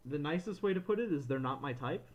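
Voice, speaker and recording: A man co-hosting a podcast, telling a frustrated story in casual chat, animated and ranting, slipping into quoted voices. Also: on the high side, quick pace. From Florida, USA. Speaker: podcast co-host.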